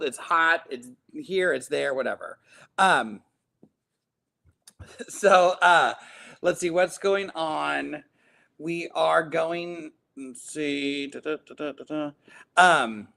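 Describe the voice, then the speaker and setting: Casual livestream host, male, young adult, rambling with lots of fillers, slightly raised pitch. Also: vocal fry, a bit bright. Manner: chatty, rambling, many fillers.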